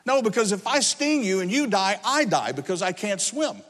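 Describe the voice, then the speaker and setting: A man's voice: high voice, sing-song, moderate pace, a bit bright, big-room sound, voice pushed up, exaggerated voice. A man voicing a scorpion from a fable, speaking in a coaxing, reasoning way. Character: scheming scorpion, pleading then matter-of-fact.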